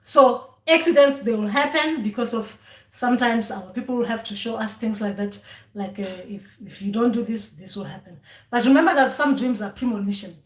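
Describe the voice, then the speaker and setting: A woman's voice: fairly high pitch, brisk. Repetitive woman speaker, echoey room. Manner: repetitive, voices ancestors speaking. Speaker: spiritual teacher on dreams. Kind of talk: casual spiritual talk to camera.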